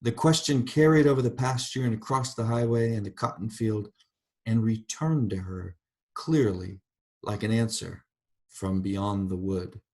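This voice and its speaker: A man giving a university literature lecture, reading passages aloud and pausing to explain them in a thoughtful, digressive way. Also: lowish voice, darkish tone.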